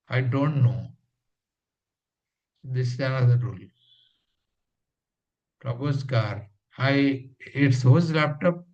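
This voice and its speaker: A man's voice: mid-range voice, a little mellow. A man teaching English punctuation in class, repeating example sentences and spelling out each rule. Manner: slow, repeats examples, gives plain rules. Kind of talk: classroom grammar lesson. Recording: dull lo-fi sound.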